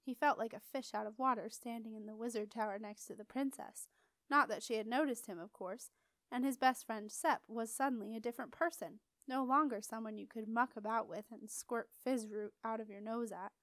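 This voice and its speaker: Woman, storybook narration, expressive, lively, higher pitch, dry recording. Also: brisk, no echo. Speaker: audiobook reader.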